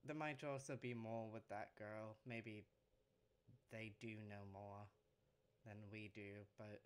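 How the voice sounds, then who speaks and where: A man's voice: lowish voice, fairly even intonation, slow pace, clean tone. A man playing in a tabletop game, speaking in a skeptical, musing way in character. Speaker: player. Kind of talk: casual in-character play.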